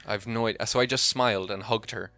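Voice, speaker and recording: An Irish man telling a story in casual podcast chat, animated and acting out quoted voices. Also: on the low side, fast, dry recording. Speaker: podcast co-host.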